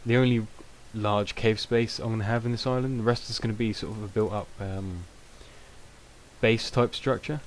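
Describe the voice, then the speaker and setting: A young British man giving rambling, self-mocking casual gameplay commentary, with many ums. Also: lowish voice. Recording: noisy home recording.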